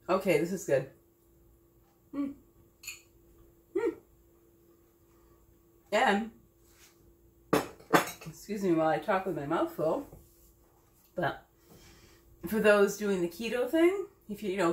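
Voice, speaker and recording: Woman cook hosting a homey demo: low-ish, lively voice, chatty, kitchen echo and clinking dishes. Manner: chatty, thinks aloud, tastes while talking. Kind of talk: casual cooking demo talk. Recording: echoey kitchen. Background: clinking dishes and cutlery.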